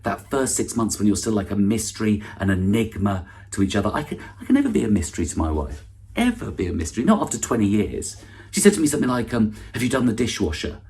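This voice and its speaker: A man's voice: lowish voice, very animated, fast talker, darkish tone. A middle-aged man hosting an online awards ceremony with a dry, self-deprecating stand-up monologue, full of false starts and asides. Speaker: awards host and comedian.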